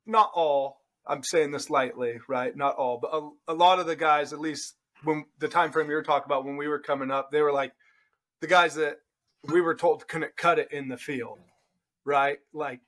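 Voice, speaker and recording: Higher-voiced man hedging his points. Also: a bit bright. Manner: hedging, qualifies his points, tags lines with "right?". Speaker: podcast host. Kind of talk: casual interview chat.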